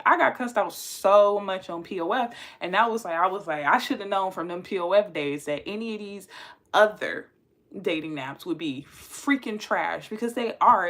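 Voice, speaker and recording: A woman's voice: mid-range voice, a bit bright. A young woman with a son, telling a dating story in casual slang and laughing often.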